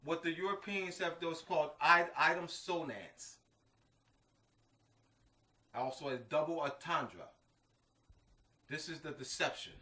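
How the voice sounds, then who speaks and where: A man's voice: fairly high pitch, unhurried, pauses often, bright, forceful tone. A man giving an informal lecture, emphatic and repetitive, full of slang asides like "man" and "you know what I mean". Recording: echoey room, mic at a distance.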